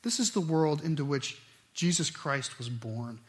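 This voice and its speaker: Animated preacher man, higher voice. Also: a little slow. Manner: animated, swings from loud emphasis to quiet asides. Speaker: pastor. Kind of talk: sermon.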